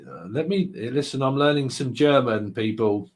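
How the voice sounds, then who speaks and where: A man runs a live tarot stream, chatting casually with viewers and joking and laughing a lot. His medium-pitched voice is expressive and measured in pace.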